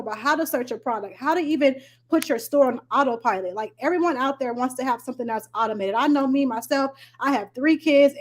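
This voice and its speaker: Woman, high voice, eager casual pitch over a video call. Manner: excited, chatty, many fillers like "like". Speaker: presenter on a business call. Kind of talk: enthusiastic sales pitch. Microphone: online call.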